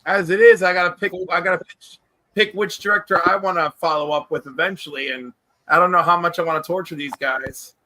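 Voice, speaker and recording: Coy man in a group chat, high bright voice, close dry mic. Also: fairly quick, no room sound, low-quality recording. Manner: coy, teasing with hints. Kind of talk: casual chat.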